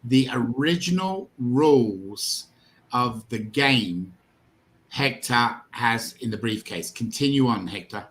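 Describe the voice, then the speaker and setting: A man hosts a livestream, stepping in to prompt his guest and fill in details for the audience. His voice sits at a middle pitch. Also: expressive, takes it slowly, fairly bright tone. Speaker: livestream host. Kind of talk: hosting a livestream.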